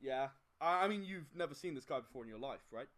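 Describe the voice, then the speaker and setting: A man's voice: mid-range voice, quick pace. A man running a tabletop game as game master, narrating with many fillers and restarts. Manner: hesitant, filler-heavy, with sudden animated outbursts.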